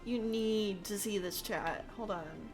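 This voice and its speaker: A woman's voice: mid-range voice, takes it slowly, music in the background. A woman streamer chatting casually with her viewers, chatty and giggly. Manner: chatty, giggly, addresses chat. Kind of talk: casual livestream chat.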